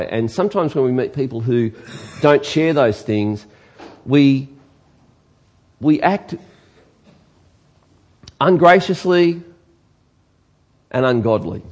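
A man's voice: medium pitch, a little mellow. A man with an Australian accent, preaching a sermon earnestly and emphatically, asking his congregation rhetorical questions. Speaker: pastor.

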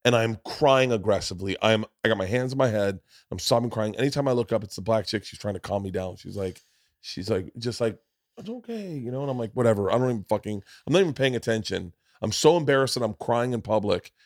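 A man hosting a podcast, telling a long story in casual, animated chat with lots of swearing and restarts. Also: lowish voice, fast talker, dry recording, studio quality. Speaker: podcast host, comedian.

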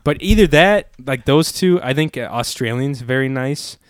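A man's voice: medium pitch, lively intonation, moderate pace, clean tone, no echo. A man in a laid-back, rambling conversation, swearing casually, close to the mic. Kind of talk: casual chat.

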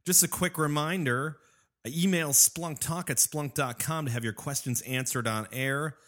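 A man's voice: a little high, a bit bright. A man from Austin, Texas hosting a casual tech podcast, joking with co-hosts and explaining technical features. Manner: jokey, quick to laugh, explains technical topics. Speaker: podcast host.

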